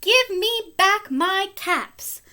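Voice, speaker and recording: Een vrouw die speelt een boze venter die scheldt. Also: female voice, high voice, very animated, slow, heavily acted. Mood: scolding. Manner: scolding, rising to shouting. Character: angry male cap peddler scolding monkeys.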